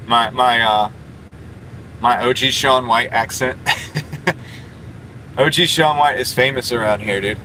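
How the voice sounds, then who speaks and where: A man's voice: medium pitch, takes it slowly, long pauses, bright, forceful tone, slight background noise, poor audio. A man livestreaming from inside a parked car, chatting casually with his viewers and rambling with lots of fillers. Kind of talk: casual live stream chat reading comments.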